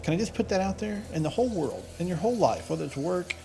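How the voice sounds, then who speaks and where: A man's voice: high-pitched, very animated, quick pace, creaky, warm tone. A man giving casual let's play commentary, chatty and rambling, drifting into tangents and swearing casually.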